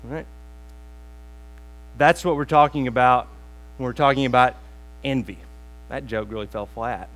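A man preaching a sermon, telling a joke with slow pauses and plain asides to the congregation. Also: medium pitch, a bit bright, poor audio. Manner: storytelling with pauses, self-deprecating asides. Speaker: pastor.

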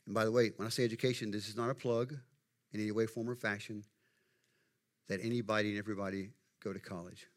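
A man's voice: lowish voice, steady tone, fast talker. A middle-aged man preaching a sermon to his congregation in a folksy, conversational way, asking them questions as he goes. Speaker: pastor.

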